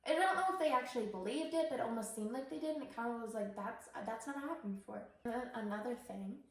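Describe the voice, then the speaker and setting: A woman's voice: a little high, quick pace. A young woman from Canada, co-hosting a podcast and telling a story in a casual, rambling way with lots of fillers. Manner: rambling, many fillers, animated retelling. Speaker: podcast co-host. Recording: very echoey room.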